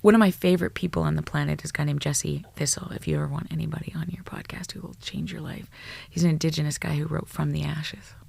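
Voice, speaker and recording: Brief: woman psychologist guest, gravelly and husky, blunt, animated, swears freely. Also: low voice, quick pace, few pauses, no room sound. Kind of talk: storytelling in a podcast interview.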